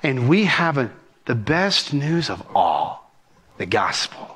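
A man, a senior pastor preaching a sermon with rhythm and animated cadence. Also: medium pitch, breathy edge. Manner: rhythmic, animated preaching with talk of speaking fast.

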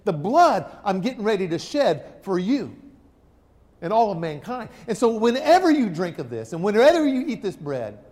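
A man voicing Jesus as a calm teacher foretelling betrayal, in plain conversational speech. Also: high-pitched, moderate pace. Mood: solemn. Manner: earnest, conversational retelling. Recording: long hall reverb.

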